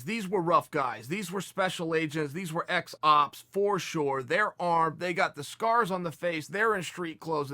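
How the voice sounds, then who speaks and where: A man with a high, bright voice tells a rambling story with emphatic energy. He restarts sentences often and leans hard on key words. The sound is dry and close, with no room around it. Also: no room sound. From Oregon, US. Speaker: podcast host. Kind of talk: casual storytelling.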